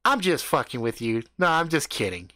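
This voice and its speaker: A woman's voice: a bass voice, very animated, moderate pace, bright, forceful tone, dry recording, pitched above the performer's own voice, exaggerated voice. A man voicing a blunt, mocking teenage girl on her way to camp.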